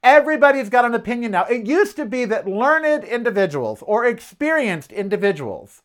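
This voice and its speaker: A podcast host telling a personal story in a casual monologue, blunt and profane, with an animated, indignant delivery. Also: medium pitch, moderate pace. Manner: animated retelling, acts out its own shouts.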